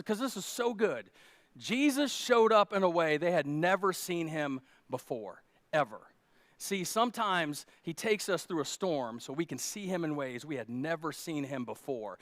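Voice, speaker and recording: A pastor preaching a sermon with animated, dramatic swings in volume and folksy, humorous asides. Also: male voice, on the high side, moderate pace, dry recording, studio quality.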